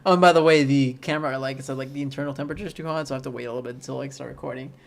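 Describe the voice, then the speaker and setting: A man's voice: mid-range voice, steady tone, racing, gravelly. A young man hosting a podcast in casual chat, rambling with many fillers and frequent laughs. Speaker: podcast host.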